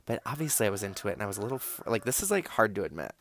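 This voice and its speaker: A man's voice: lowish voice, sing-song, very fast, a bit bright. A young man telling a casual, rambling story, full of "like" and swearing. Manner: rambling, filler-heavy, profane, lots of "like".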